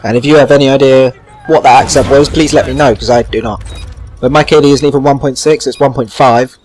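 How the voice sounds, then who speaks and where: A man talks through his gameplay in a loose, rambling way and swears casually. His voice sits at an ordinary middle pitch. A faint hiss runs underneath. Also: steady tone, a little fast, a little mellow. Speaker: gaming channel host.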